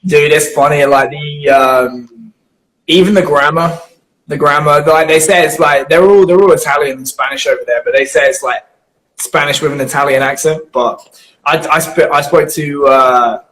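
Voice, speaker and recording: A man joining a casual live chat as a guest, relaxed and quick to laugh. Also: a little high, low-quality recording.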